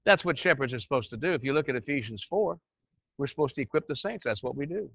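Folksy gravelly older male teacher. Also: medium pitch, expressive, fast, no room sound. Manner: folksy, conversational, slips into preaching. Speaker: church teacher and counselor. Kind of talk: informal teaching to a group. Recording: dry, muffled lo-fi recording.

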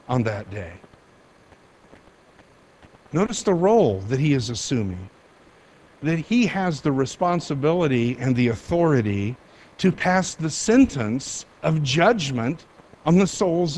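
A middle-aged male pastor delivering a sermon in a somewhat high voice. He preaches emphatically, drawing out key phrases slowly and rushing through asides. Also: darkish tone. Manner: emphatic, varies pace for emphasis.

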